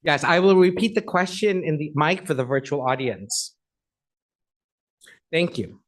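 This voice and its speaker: A man's voice: fairly high pitch, measured pace, rough recording. A middle-aged man giving a chatty, effusive guest speech at an agency event, then taking audience questions.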